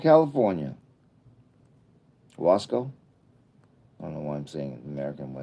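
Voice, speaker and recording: Deep, mellow-voiced man in his fifties. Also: big pitch swings, brisk, vocal fry, pauses often. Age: 50s. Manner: rambling, jokey asides. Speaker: livestream host. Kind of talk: casual livestream chat, reading comments.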